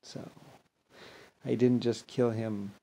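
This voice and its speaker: A man talking in a rambling, grandiose monologue, mostly low and mumbled with sudden loud bursts, mocking others in blah-blah voices. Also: fairly even intonation, slow pace, a little hiss or hum. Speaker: vlogger.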